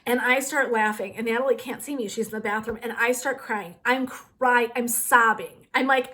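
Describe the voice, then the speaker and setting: A woman's voice: on the high side, a little fast, hardly any pauses, fairly bright tone. A middle-aged woman hosting a wellness channel, chatting casually to her viewers and giggling through a funny story.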